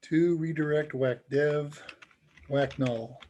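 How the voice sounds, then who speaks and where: Chatty upbeat man demoing software. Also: on the high side, steady tone, slow, a little hiss or hum. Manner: casual and upbeat, chuckles often. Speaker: tech instructor hosting a live Q&A. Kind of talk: live demo talk.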